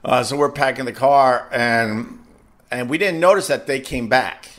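A man's voice: mid-range voice, a little slow, a bit bright. A middle-aged man, a podcast host, telling a long casual story and stumbling over and repeating his words as he goes.

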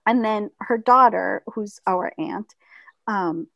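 A middle-aged woman telling a funny family story in casual chat, animated and laughing often, mimicking relatives in higher voices. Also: slow pace, gravelly, no room sound, dull audio. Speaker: storyteller in a conversation; teacher.

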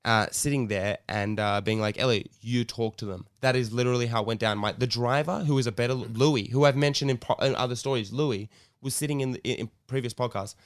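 A man's voice: medium pitch, fast talker, smooth, no room sound, clean studio sound. A man co-hosting a podcast, telling a story in a rambling, casual way full of likes and restarts. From Australia. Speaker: podcast co-host.

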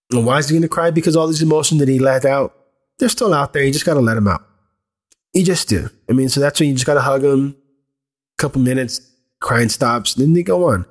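A man in his thirties, a father, talking earnestly and candidly about raising his kids in a loose, rambling way. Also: fairly high pitch. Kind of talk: reflective personal talk.

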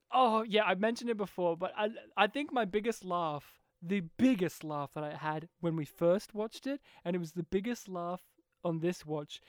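A woman's voice: lowish voice, no echo, clean studio sound. A woman co-hosting a casual film discussion, laughing often and acting out the scenes she retells. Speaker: podcast co-host.

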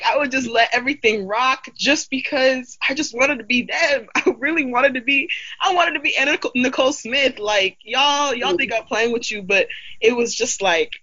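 A young woman from Idaho talks candidly in a casual chat, peppering every thought with "like". Her voice is bright and forceful. The recording is a little dull and lo-fi. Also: on the high side. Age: young adult. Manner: animated, candid, heavy use of 'like'.

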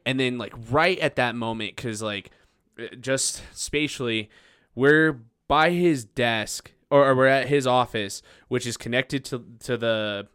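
A young man hosting a podcast, spinning a story in loose, casual talk. His voice sits at an ordinary middle pitch. He laughs often and jumps up loud when he acts out what people said. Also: measured pace, smooth, no room sound, clean studio sound. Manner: animated, laughing, acts out quotes loudly. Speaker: podcast host.

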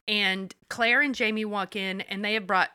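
A woman with a bright, clear voice recaps a show episode for her co-host, animated and salty-mouthed. The sound is dry and close. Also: medium pitch, moderate pace, no room sound. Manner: animated, profane storytelling. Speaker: podcast co-host.

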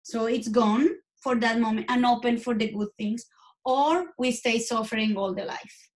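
Woman, english not her first language, kinda high voice, earnest, keeps restarting her sentences. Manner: earnest, halting, many restarts. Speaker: interview guest. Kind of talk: candid conversational interview.

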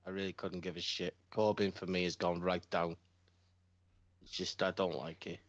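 A man's voice: low-pitched, little pitch movement, moderate pace, no echo, lo-fi sound. A man in casual chat, blunt and emphatic, swearing freely. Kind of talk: casual chat, wrestling predictions.

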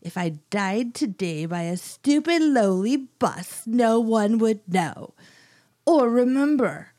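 A woman voicing a vain, menacing old woman poisoner in a soap-opera reading, with a put-on vague British accent and slow, proud, theatrical delivery. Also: sits low, big pitch swings, darkish tone, no echo, pitched below the performer's own voice, heavily acted. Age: older.

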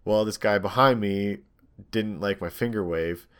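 A young man casually telling a long, animated story, full of ums and likes. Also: on the low side, a little slow, clean tone.

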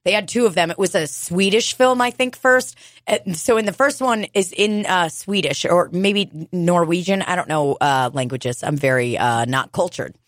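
A woman's voice: on the low side, normal speed, no room sound, studio quality. Woman telling stories, swearing, laughing. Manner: swears often, animated storyteller, laughs a lot. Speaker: podcast co-host. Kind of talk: casual chat.

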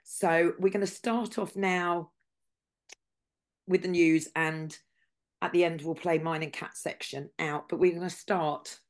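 A woman's voice: fairly low pitch, steady tone, a little slow. A woman with a Scouse accent hosting a casual news show, chatty with sarcastic asides.

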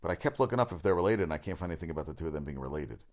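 A man hosting a casual solo sports talk show, rambling quickly from item to item with lots of fillers and swearing. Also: extremely low pitch, animated. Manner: rapid, rambling, profane, with many fillers.

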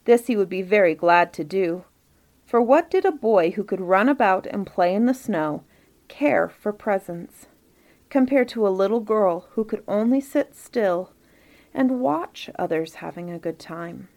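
Woman, storybook narration, gentle, measured. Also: medium pitch, lively intonation.

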